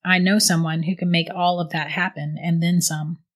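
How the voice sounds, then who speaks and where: Woman reading as a low, gruff male tempter. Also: little pitch movement, normal speed, natural voice. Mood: persuasive. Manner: coaxing, persuasive. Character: tall smooth-talking male tempter, devil's recruiter.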